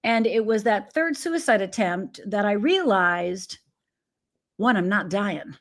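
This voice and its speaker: This animated, medium-pitched woman takes her time as she talks. A life coach from Upper Michigan, USA, she appears as an interview guest sharing her own story, bringing it to life by acting out the voices of the people she quotes.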